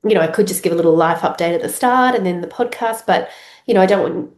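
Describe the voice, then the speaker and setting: Australian woman host, blocked-up cold voice, lowish pitch, chatty and rambling, echoey room. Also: fast talker. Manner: rambling, many fillers and restarts. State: congested with a head cold. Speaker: podcast host. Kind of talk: casual solo podcast chat.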